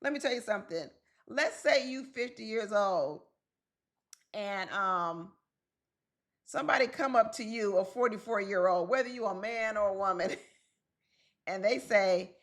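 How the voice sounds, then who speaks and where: A woman's voice: medium pitch, unhurried, pauses often. Woman coach doing a chatty vlog rant, laughs a lot, talks right at the viewers. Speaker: relationship coach and commentator. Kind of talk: casual commentary vlog.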